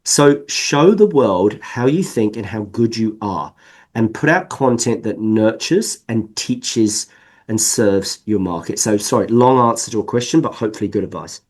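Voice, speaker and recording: A man from England with an accent mixed with New Zealand, speaking as a guest in a podcast interview and explaining at length in an animated, emphatic way. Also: fairly low pitch, normal speed. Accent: mixed English and New Zealand. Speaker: sales consultant guest.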